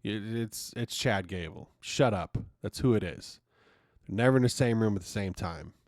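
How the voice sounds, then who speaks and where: Hosting his own podcast, a man rants in a casual monologue, swearing often and sounding fed up. His voice is fairly low and a little mellow at a moderate pace, in a dry, clean studio recording.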